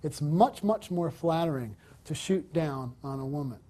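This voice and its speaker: This man teaches wedding photography while on the move through a hotel interior, alternately directing his subject and explaining to the camera. His voice is fairly high, warm and expressive, at a moderate pace, and his manner is coaching and encouraging.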